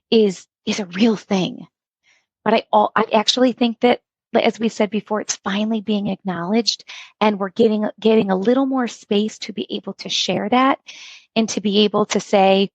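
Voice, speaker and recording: Middle-aged woman coach chatting on a podcast, animated storyteller, dry close mic. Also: mid-range voice, dry recording, lo-fi sound. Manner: animated storytelling, acts out quoted dialogue. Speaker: instructional coach, guest. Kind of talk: podcast interview.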